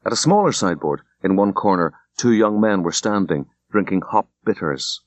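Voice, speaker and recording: Man, audiobook narration, lowish voice, dry close sound, measured. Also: lively intonation, no echo. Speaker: audiobook reader. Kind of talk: scripted narration.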